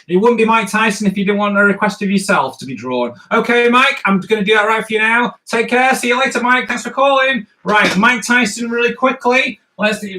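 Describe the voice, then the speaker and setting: High, bright-voiced man chatting while drawing. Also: poor audio. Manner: playful, chatty, narrating while sketching. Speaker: comic artist hosting a live drawing stream. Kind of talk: live stream chat while drawing.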